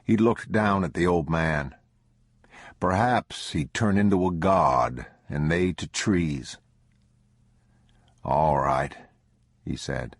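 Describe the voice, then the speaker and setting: A man narrates a bleak survival audiobook with a measured, grim delivery. His voice is deep and husky, and the close, dry recording keeps it intimate. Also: no echo. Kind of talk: scripted narration.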